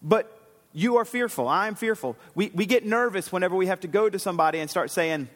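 A pastor preaching a sermon in a casual, rambling way, with fillers and self-corrections. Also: male voice, high-pitched, animated, fast talker. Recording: long hall reverb.

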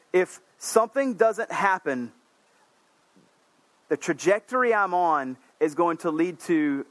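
An earnest male preacher with a fairly high voice for a man, talking conversationally with asides and restarts. He climbs to emphatic peaks, then drops low and quiet. The sound is dry and close, with no room around it. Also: no echo. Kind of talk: sermon.

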